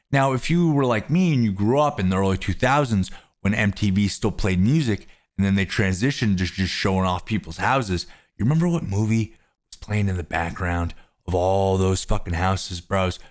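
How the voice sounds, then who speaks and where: A young man ranting in a commentary vlog, profane, excitable and mocking, addressing his viewers as bros. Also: on the low side. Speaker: YouTube commentator.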